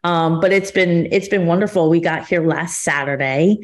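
A woman's voice: lowish voice, normal speed. A woman from New Jersey co-hosting a podcast, chatting in an upbeat way. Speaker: podcast co-host. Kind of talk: casual chat.

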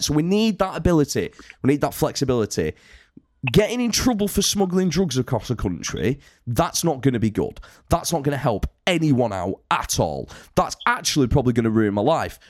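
Dude telling a tour story, loads of swearing, voice jumps all over, dead dry sound. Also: male voice, medium pitch, no echo. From United Kingdom. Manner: animated, sweary, rambling. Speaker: touring band musician telling a story. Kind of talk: casual podcast storytelling.

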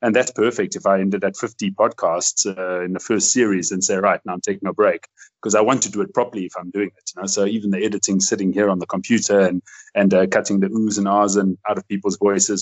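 A man's voice: deep voice, steady tone, fast, low-quality recording. A man hosting a podcast interview, talking in an effusive, rambling way. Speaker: podcast host. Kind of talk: casual interview chat.

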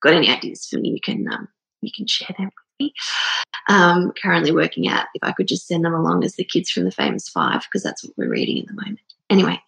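A woman's voice: medium pitch, creaky, a bit bright, poor audio. A woman in her thirties telling a personal story in a casual, earnest, rambling way with many fillers, emotional and near tears. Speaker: speaker sharing a personal story. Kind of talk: casual heartfelt monologue.

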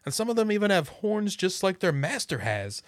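A man's voice: high voice, sing-song, moderate pace, no room sound, studio quality. A man chatting casually, rambling through a story with lots of fillers. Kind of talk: casual chat.

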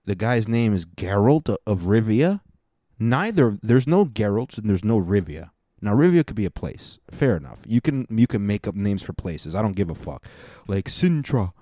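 A man's voice: fairly low pitch, sing-song, moderate pace, dark tone, no room sound, clean studio sound. A man hosting a casual monologue, rambling and swearing through mock rants. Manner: rambling, profane, mock-ranting.

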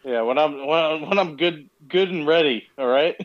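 A man's voice: fairly high pitch, moderate pace, dry recording, muffled recording. A man guest on a podcast, chiming in with jokes during casual chat. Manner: joking interjections. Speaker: podcast guest, army staff sergeant.

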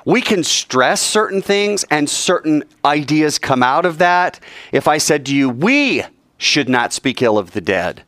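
A man with a fairly high, slightly bright voice and no echo gives a classroom lecture. He trades quick jokes with his students and acts out quoted arguments in a raised voice.

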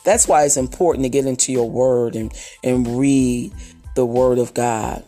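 Low-voiced woman preaching emphatically. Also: unhurried, mellow, soft background music. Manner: emphatic, rhythmic preaching with repetition. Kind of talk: sermon.

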